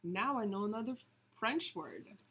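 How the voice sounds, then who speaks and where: A woman reading a picture book aloud, slow and deliberate, stopping to point out the pictures. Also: mid-range voice, animated, background noise. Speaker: storybook reader.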